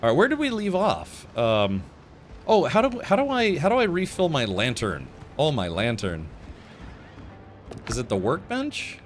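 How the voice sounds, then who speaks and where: A man's voice: a little high, wildly swooping pitch, unhurried, noisy background. A man streaming a video game live, chatting casually, laughing often and thanking viewers.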